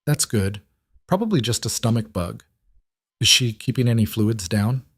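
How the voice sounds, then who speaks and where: A man voicing a calm, practical young woman nurse in a read-aloud story, steady and reassuring. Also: lowish voice, normal speed, husky, dry recording, clean studio sound, exaggerated voice. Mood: concerned, practical. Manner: steady, reassuring, matter-of-fact. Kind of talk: scripted story reading.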